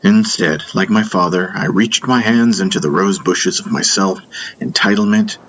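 A man's voice: sits low, moderate pace, fairly bright tone, slight background noise. A man reading a first-person fantasy audiobook in a solemn, reflective way. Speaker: audiobook narrator. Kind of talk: scripted first-person narration.

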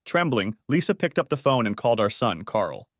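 A man narrating a first-person story in an expressive, measured audiobook reading. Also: medium pitch, dry recording, studio quality.

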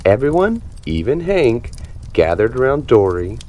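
A man reading a children's picture book aloud with expressive, animated storytelling. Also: medium pitch, measured pace. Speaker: storybook reader.

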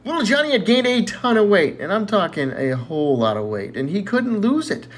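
Man, casual joke teller, very lively pitch, storytelling. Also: fairly quick. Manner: animated storytelling, laughs at own punchlines.

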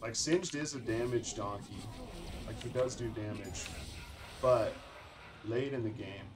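Speaking unhurriedly in a lowish voice, this Colorado channel host casually narrates his own gameplay, throwing around "dude" and "bro." There's background noise in the clip.

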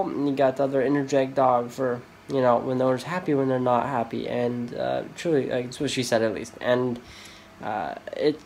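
A man with a mid-range, slightly mellow voice vlogs into a phone he holds himself, moving between a rented house and nearby streets. The recording is rough, and he rambles and complains casually, full of fillers.

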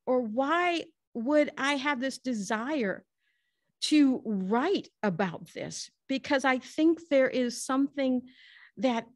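A woman lecturer answering audience questions, speaking earnestly with frequent restarts and quick laughs. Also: high voice, dry recording, clean studio sound. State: tearful at times. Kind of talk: lecture Q&A, personal storytelling. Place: library lecture room.

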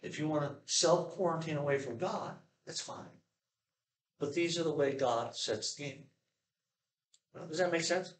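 Man, pastor, sermon, fairly high voice, conversational, checks in with listeners. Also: moderate pace, poor audio. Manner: acts out prayers in a raised pleading voice.

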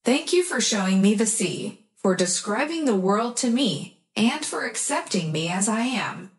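A gentle, vulnerable young blind man from a romance storybook speaks quietly and tenderly, as a woman reads his lines. The lines come slowly and softly, at a measured pace. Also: mid-range voice, very animated, roomy sound.

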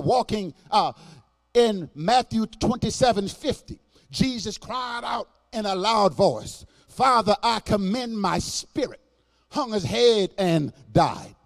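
A man's voice: sits high, long reverb tail. A man preaching a church sermon, calling out to the congregation with rhythmic, repeated phrases. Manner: call-and-response preaching, rhythmic and repetitive. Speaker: pastor. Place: church sanctuary.

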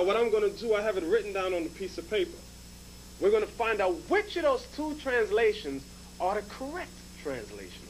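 A high-pitched man leads a Bible lesson as bishop, explaining each passage step by step. He keeps returning to his point and cues a reader with short commands. A faint hum sits under the recording. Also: rough recording. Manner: explanatory, repeats points, prompts "read". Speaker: bishop teaching scripture.

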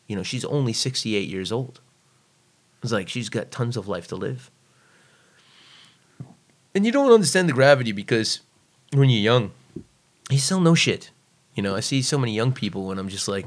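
A man's voice: medium pitch, sing-song, normal speed, pauses often. An American man, a former navy serviceman, telling blunt, profane stories as a podcast guest, acting out what people said. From United States. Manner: blunt, profane, emphatic, acts out quoted voices. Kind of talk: casual storytelling in a podcast interview.

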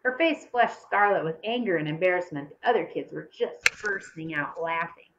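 A woman's voice: normal speed, lo-fi sound. A woman reading a children's story aloud, changing her voice to act out the young characters. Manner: expressive, shifts pitch to act out children's voices. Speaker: audiobook reader. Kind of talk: storybook narration.

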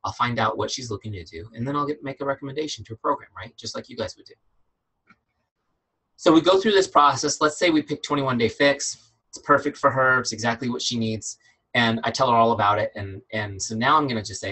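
A man's voice: medium pitch, fast, pushed and bright, husky, poor audio. A middle-aged man leading a business training webinar, emphatic and fired up, repeating his key points. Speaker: business coach.

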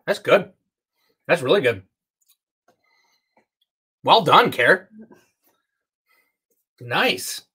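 Brief: laid-back middle-aged male host, forceful bright tone, joking and reading out comments. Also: a little high, very slow, long pauses, husky. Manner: relaxed, joking, reads viewer comments. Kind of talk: casual live-stream chat.

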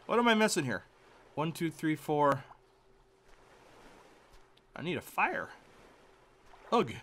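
Lively, high-voiced man mumbling through gameplay. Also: takes it slowly. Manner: mumbling fillers, muttering to himself, bursts of silly singing. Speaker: gameplay commentator. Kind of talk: casual let's-play commentary.

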